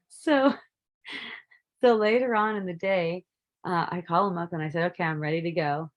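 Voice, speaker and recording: A woman casually telling a personal story, relaxed and rambling, laughing often. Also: fairly low pitch, a little slow, long pauses, muffled recording. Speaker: spiritual teacher.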